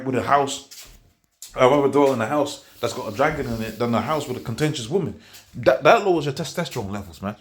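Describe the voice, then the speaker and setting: A man ranting to his video audience in a casual, preachy monologue. He rambles, repeats words as he restarts his sentences, and chuckles between his points. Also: medium pitch. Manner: preachy, quotes scripture. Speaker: video host.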